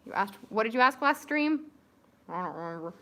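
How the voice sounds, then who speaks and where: A woman's voice: a little high, lively intonation, brisk, fairly bright tone. A young woman co-hosting a casual livestream, chatting with viewers and giving audition tips. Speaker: co-host of a family livestream. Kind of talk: casual live-stream chat.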